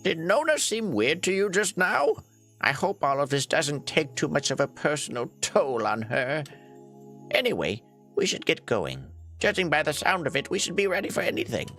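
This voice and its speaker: A man voicing a blunt game companion, reading dialogue aloud with lively swings. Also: on the high side, moderate pace, faint music behind, voice pushed up, exaggerated voice. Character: blunt brave companion who insults friends.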